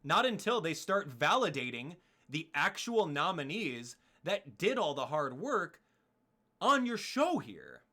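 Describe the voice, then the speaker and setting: A young man in a casual live-stream rant, heated and exasperated as he talks to his viewers. His voice is bright and fairly high for a man, with a lively, swinging pitch. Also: measured pace.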